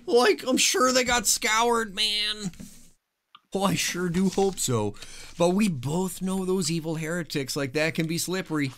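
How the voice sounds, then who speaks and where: A man voicing a zealous, heretic-hating male ally in a tabletop game, talking fervently with drawn-out emphasis. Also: high voice, fairly bright tone, voice pushed up.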